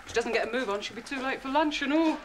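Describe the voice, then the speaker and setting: An actress playing a rough, scolding kitchen cook who barks orders at a servant, on a hissy old VHS recording. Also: female voice, very high voice, level tone, fast. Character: coarse, bossy kitchen cook. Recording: loud hiss of an old VHS tape.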